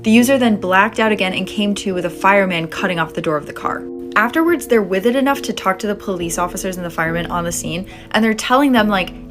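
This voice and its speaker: A woman reading scripted narration in a brisk, matter-of-fact storytelling manner. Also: mid-range voice. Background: background music.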